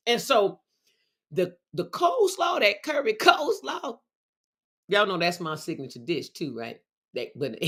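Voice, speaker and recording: A middle-aged woman hosting her own show and chatting casually. She tells her story with exuberant exclamations. Her voice rises and falls across a wide, lively range. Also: low-pitched. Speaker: show host.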